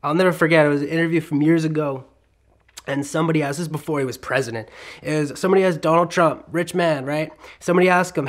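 A man preaching a sermon, telling funny everyday stories in an animated way before turning serious. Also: a little high, quick pace. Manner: animated comic storytelling.

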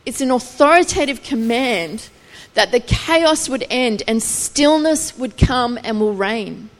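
A woman's voice: on the high side, expressive, slow pace. Woman preaching in a reverberant hall. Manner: reflective, explaining scripture with rising intensity. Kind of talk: sermon.

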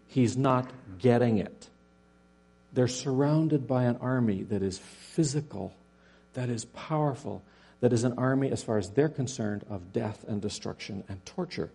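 Man, sermon, dark tone, husky, rhetorical questions, mains hum. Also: mid-range voice. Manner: animated storytelling with dramatic rhetorical questions. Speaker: preacher.

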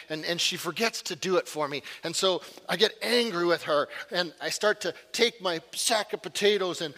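A middle-aged man preaching a sermon, telling stories with energy and swinging from loud outbursts to hushed lines. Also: on the high side. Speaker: pastor. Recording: long reverb of a large hall.

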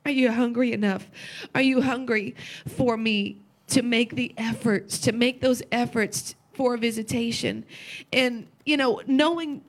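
A woman's voice: fairly high pitch, fairly even intonation, unhurried. A woman preaching a sermon with passion, repeating phrases and asking rhetorical questions, at times tearful.

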